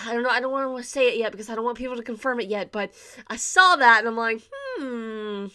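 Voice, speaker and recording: A young woman hosting a casual anime review video, bubbly and excitable, giggling and acting out her own reactions as she talks. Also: fairly high pitch, quick pace. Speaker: anime reviewer, channel host.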